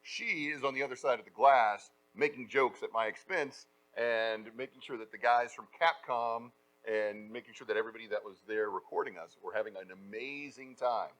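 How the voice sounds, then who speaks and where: A middle-aged man, a voice actor, speaking at a conference panel and telling lively stories with acted-out quotes. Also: mid-range voice, moderate pace, low-quality recording. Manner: energetic storyteller, acts out quotes. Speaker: voice actor giving a talk.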